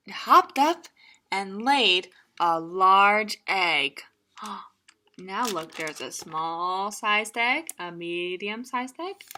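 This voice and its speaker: Reading a picture book out loud, a woman librarian with a mid-range voice keeps things playful and lively, breaking off for little laughing comments.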